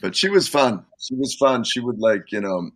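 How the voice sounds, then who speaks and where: An older man, a musician guest, telling rambling stories in casual talk, full of "you know" and quick laughs. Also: mid-range voice, animated, no room sound. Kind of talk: casual storytelling.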